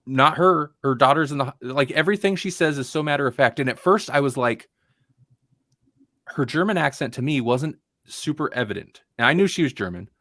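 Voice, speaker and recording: A man's voice: medium pitch, animated, a little fast, a bit bright, dry recording. A man co-hosting a podcast, reviewing a film in casual, rambling chat with lots of restarts. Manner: rambling, restarts often, puts on dull voices to mock actors. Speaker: podcast co-host.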